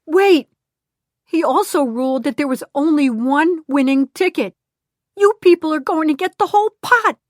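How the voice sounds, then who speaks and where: A woman voicing a frantic, pleading middle-aged man whose voice goes shrill and cracks, on an audiobook. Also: normal speed, no echo, studio quality. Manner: shrill, breathless, cracking with excitement.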